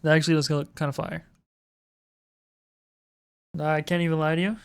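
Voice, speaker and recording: A woman's voice: low-pitched, little pitch movement, moderate pace, clear, resonant tone. A woman streamer chatting casually to her viewers while she draws, swearing freely and poking fun at herself. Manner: swears freely, self-mocking, talks to chat. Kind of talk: casual live-stream chat while drawing.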